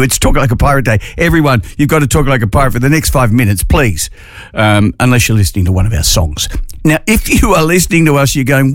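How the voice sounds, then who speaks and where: A man's voice: medium pitch, no echo, studio quality. A man hosting a community radio show, playful and self-mocking with chuckling asides. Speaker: radio host. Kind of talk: casual radio banter. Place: radio studio.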